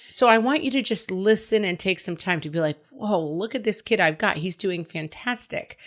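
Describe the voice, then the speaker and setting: A woman's voice: on the low side, a bit bright. A middle-aged woman hosting a podcast, giving frank, chatty, reassuring parenting advice. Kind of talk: casual advice monologue.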